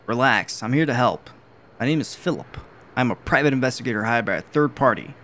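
A man's voice: mid-range voice, expressive, brisk, a bit bright, lightly acted. A man reading a stern private investigator.

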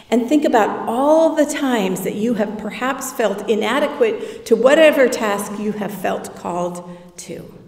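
A woman's voice: mid-range voice, a little mellow. A woman pastor preaching a sermon in a reflective, conversational way. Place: church sanctuary. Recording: echoey church hall, from far off.

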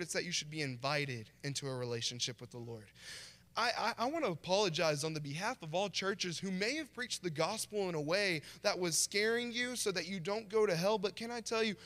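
A man's voice: high voice, fairly bright tone. A man preaching a conversational sermon as a guest pastor in a church. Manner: conversational, acts out short quoted voices. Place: church sanctuary. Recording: long church hall reverb.

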